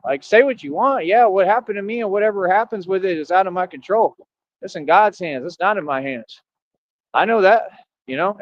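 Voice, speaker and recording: Boastful high-voiced man ranting, lo-fi. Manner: boastful, defiant, talks to critics directly. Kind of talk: casual ranting monologue.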